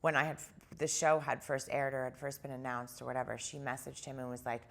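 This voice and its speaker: A woman with a deep voice and a gravelly, vocal-fry edge, talking as a guest in a casual interview. She retells events in an animated way and fills her sentences with "like.". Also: quick pace. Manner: animated retelling, heavy use of "like".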